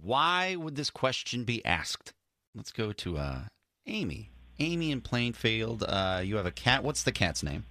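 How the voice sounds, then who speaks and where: Joking radio man, bright and lively. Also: medium pitch, measured pace, no room sound. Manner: joking, teasing callers. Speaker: radio show co-host. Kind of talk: morning radio call-in banter.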